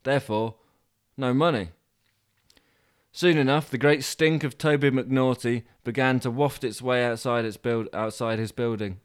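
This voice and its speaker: Deadpan storyteller man, smooth voice. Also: medium pitch, unhurried. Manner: dry, deadpan asides. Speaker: podcast host and storyteller. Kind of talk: comic storytelling narration.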